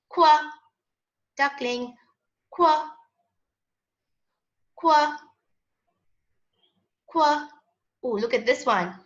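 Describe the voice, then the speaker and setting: A woman's voice: fairly high pitch, sharp tone. A woman teaching a children's phonics lesson in a patient, sing-song voice. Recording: echoey, dull lo-fi room sound.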